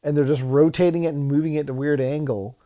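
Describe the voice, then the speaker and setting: A man's voice: on the high side, fairly even intonation, quick pace, mellow. Filler-heavy podcast man. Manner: filler-heavy, keeps saying like. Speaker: podcast co-host. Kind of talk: casual chat.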